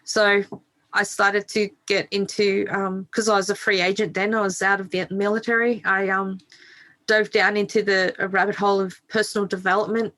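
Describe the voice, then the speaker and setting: Middle-aged woman, bright forceful voice, frank and candid, swears freely, interview storytelling. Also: medium pitch, level tone, moderate pace. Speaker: podcast guest.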